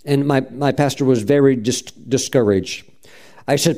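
A man's voice: medium pitch, normal speed, warm tone. A middle-aged man preaching a sermon as pastor, fervent, punctuating his points with "praise God" and acting out quoted voices.

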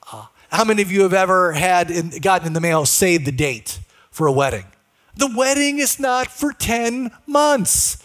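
A man's voice: high-pitched, fairly bright tone. A male pastor preaching a sermon in a conversational way, often putting questions to the congregation.

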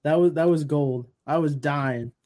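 A man guesting on a podcast, answering questions in an easygoing, relaxed way. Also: fairly high pitch, measured pace. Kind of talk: casual chat.

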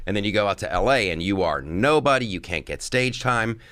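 A male comedian telling stories in a casual interview, animated and acting out impressions. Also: lowish voice, a little fast, smooth, no echo. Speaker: comedian guest.

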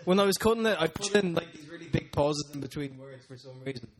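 A young man with a slightly high voice talks his way through a casual podcast chat as co-host. He rambles and jokes at his own expense. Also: expressive, fast, a crowd in the background. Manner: chatty, rambling, self-deprecating.

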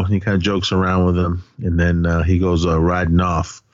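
A low-voiced man casually recaps a film scene by scene, quoting the characters and filling gaps with "uh" and "like." His voice sounds dry and slightly dull, as if recorded on modest gear. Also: flat delivery, a little fast, dry recording. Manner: retells scenes with quoted dialogue and frequent fillers. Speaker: podcast co-host.

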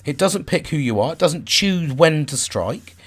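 A man's voice: on the high side, animated, moderate pace. A man in his forties speaking frankly about his own struggles, swearing freely, restarting sentences and searching for words. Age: 40s. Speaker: vlogger. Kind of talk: candid personal monologue.

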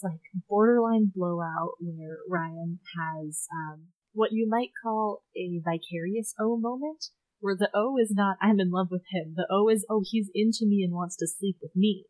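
A woman co-hosting a podcast, recapping a story in animated casual chat, acting out quotes and laughing. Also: mid-range voice, dry recording, low-quality recording. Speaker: podcast co-host.

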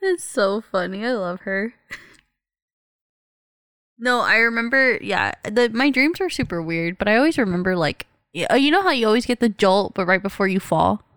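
A woman's voice: medium pitch, animated, moderate pace, fairly bright tone, clean tone, no echo, studio quality. A young woman in casual chat, telling stories animatedly, laughing often and swearing freely.

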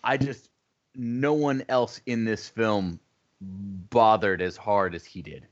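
A man's voice: lowish voice, slow pace. A man in a casual podcast chat who argues his points with emphatic conviction. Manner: animated, emphatic arguing. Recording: dull lo-fi audio.

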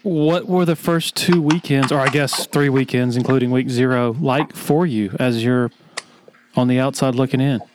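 A man interviewing a guest, halting and repeating words as he frames his questions. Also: mid-range voice, fairly even intonation, darkish tone. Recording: faint background noise.

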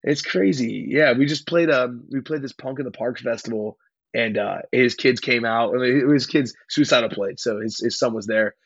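Rambling, gravelly young man, lo-fi. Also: mid-range voice, normal speed, dry recording. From California. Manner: rambling, slangy, excitable storytelling. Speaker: hardcore band vocalist, podcast guest. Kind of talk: casual interview chat.

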